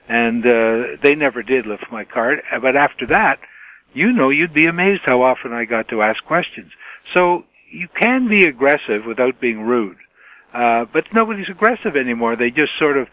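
An older man from Canada recalls his reporting days in a rambling, animated way, full of "uh" and "you know". His voice sits in a middle register. The sound is dry and close. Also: mid-range voice, moderate pace, no room sound, dull audio. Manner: animated anecdotes with many fillers, mimics his own shouted questions. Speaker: retired TV journalist, guest. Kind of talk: storytelling in a podcast interview. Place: home den.

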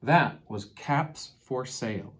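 Her pitch extremely low, a woman storyteller reads a picture book aloud to children with expression and care. She then turns to the audience and asks what lesson they took from it.

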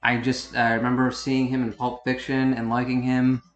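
A man's voice: medium pitch, completely flat delivery, roomy sound, dull audio, faint music behind. A man in his thirties from upstate New York giving a rambling, self-correcting DVD-style commentary. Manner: meandering, self-correcting, unhurried. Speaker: video commentator.

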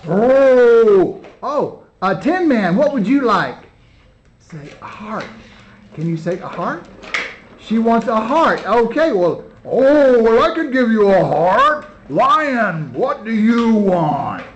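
A man's voice: high-pitched, sing-song, slow. A man directing and narrating a children's home play, coaching the kids through a rehearsal with patient, encouraging praise while he films. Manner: coaxing, encouraging, repeating praise. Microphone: handheld camera mic. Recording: slightly dull lo-fi camera audio with faint noise.

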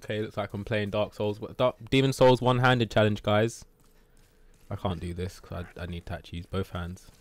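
A man streaming a video game live, chatting casually, swearing, shouting at the game and teasing his cat. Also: lowish voice, steady tone, a little fast.

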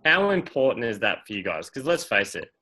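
A man's voice: medium pitch, very animated, a little fast, bright, forceful tone, poor audio. A man hosting a team video call in an upbeat, playful way. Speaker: host.

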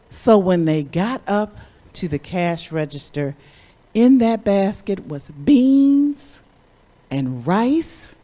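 A woman telling a children's story in a church service, in an animated, expressive way. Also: mid-range voice.

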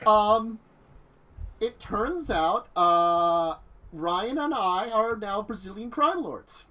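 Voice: mid-range voice, lively intonation, slow pace, bright, forceful tone. A player voicing a young woman who has fallen into crime, talking hesitantly with many fillers during tabletop role-play. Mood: rambling. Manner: rambling, hesitant, full of fillers.

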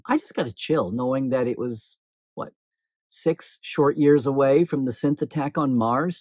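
A man hosting a casual commentary vlog, talking in an animated, playful and teasing way. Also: mid-range voice, slightly rough, no echo. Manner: animated, playful and teasing, chuckles between points. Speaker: host.

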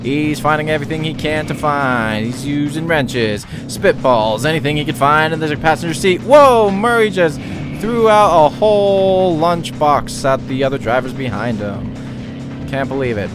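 A man putting on an excitable male race commentator's voice, calling the action in brisk play-by-play that keeps surging in speed. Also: fairly high pitch, music in the background, pitched below the performer's own voice, natural voice. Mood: hyped.

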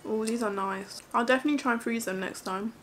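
A woman's voice: a little high, quick pace, slight background noise. A young woman chatting casually in a home kitchen as she shows and tastes her baking, upbeat and full of "like" and "um". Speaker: baking vlogger. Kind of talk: casual vlog chat.

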